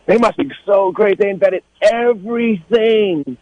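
A middle-aged man from Northern California in a casual storytelling talk, animated, acting out the people he quotes in a higher voice. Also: measured pace, no echo, highs cut off. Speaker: guest telling life stories.

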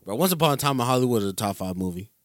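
A man's voice: mid-range voice, lively intonation, racing, dry recording. A man co-hosting a casual podcast, pushing his film opinions with emphatic hype. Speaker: podcast co-host. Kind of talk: casual chat.

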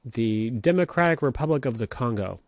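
A man's voice: medium pitch, lively intonation, moderate pace, no echo. Man as a foul-mouthed quiz player, mid voice, dry and close. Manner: cursing, loose and jokey. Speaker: quiz contestant. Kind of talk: casual chat.

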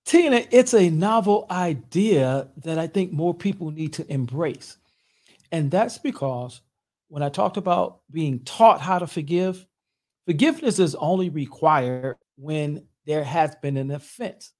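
Lively-voiced pastor speaking in measured tones. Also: male voice, on the high side. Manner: measured, preacherly, laughs often. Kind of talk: conversational teaching.

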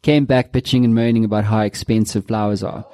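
A man's voice: lowish voice, steady tone, fairly quick, warm tone. A man in his thirties, co-hosting a live show, teasing his partner and steering the segments. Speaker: radio co-host. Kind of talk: casual on-air banter.

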